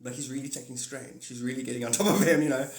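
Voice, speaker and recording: A man's voice: mid-range voice, fairly even intonation, fast. A man streaming live, rambling through a spiritual monologue, laughing often and slipping into little acted-out skits. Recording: roomy echo.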